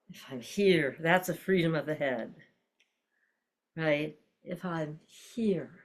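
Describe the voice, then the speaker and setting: A woman's voice: sits low, darkish tone. A woman teaching an online group class over a video call, reflective and putting questions to the group.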